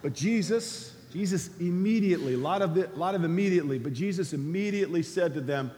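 A man preaching a sermon as a pastor, swinging between loud cries and low, quiet lines. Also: fairly quick, few pauses, slight background noise. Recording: long hall reverb.

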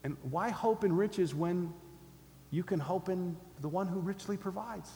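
A man's voice: high voice, unhurried, vocal fry, mellow, slight background noise. A man preaching a sermon as pastor, emphatic, leading his listeners in call-and-response. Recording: echoey hall, faint ambience.

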